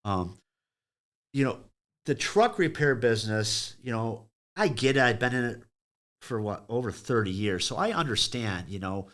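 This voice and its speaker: A man's voice: mid-range voice, animated, moderate pace, fairly bright tone. A middle-aged man who owns a truck repair shop, telling blunt and profane stories on a podcast and acting out calls with customers. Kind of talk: casual podcast storytelling.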